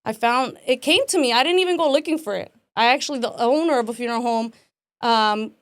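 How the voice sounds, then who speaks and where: A woman in her twenties, guesting on an interview, recounts her life story in a casual, animated way. Her pitch is fairly high and her pace brisk, and she acts out quotes while often saying "like" and "man." The recording is dry.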